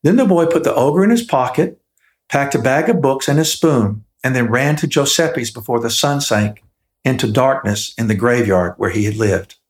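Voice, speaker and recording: A man narrating a story in a gentle, unhurried, expressive way. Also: medium pitch. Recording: echoey room.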